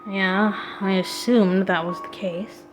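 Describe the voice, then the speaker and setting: A woman's voice: mid-range voice, steady tone, slow pace, over music, natural voice, poor audio. A woman reading aloud as a stiff, formal and shy young prince in a visual novel. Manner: formal, stilted speech.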